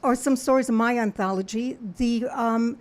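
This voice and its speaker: A woman's voice: fairly high pitch, normal speed. A woman with an accent, a guest author talking playfully on a talk show. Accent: foreign accent. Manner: playful, flirty, laughs often. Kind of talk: casual talk show interview.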